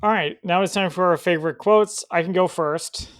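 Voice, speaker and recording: A man's voice: sits high, moderate pace, a bit bright. A man co-hosting a podcast in casual chat, making dry, wry asides. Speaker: podcast co-host.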